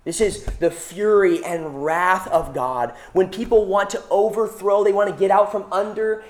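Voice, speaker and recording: A young male preacher delivering a sermon in a relaxed, conversational style. He leans on rhetorical questions and casual fillers as he explains a scripture passage. His delivery is informal and unscripted. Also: high-pitched, normal speed.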